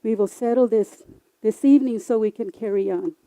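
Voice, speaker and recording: A woman's voice: fairly high pitch, brisk, dry recording, natural voice. A woman voicing a firm animal moderator keeping order at a council meeting in a folk tale. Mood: commanding. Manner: commanding, loud, orderly.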